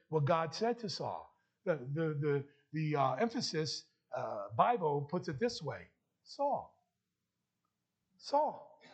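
A man preaching a sermon as pastor, emphatic and rising to loud bursts. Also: sits high. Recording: dull lo-fi sound.

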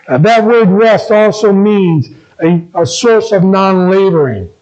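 A man's voice: sits high, darkish tone, muffled recording. A man preaching a sermon as a pastor, asking the congregation questions and repeating his key phrases.

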